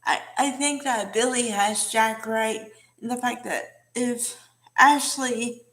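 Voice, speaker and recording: Slow chatty woman recapping a soap. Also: on the high side, steady tone, fairly bright tone. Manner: chatty, many fillers and asides. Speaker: soap opera recap host. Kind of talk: casual recap and commentary.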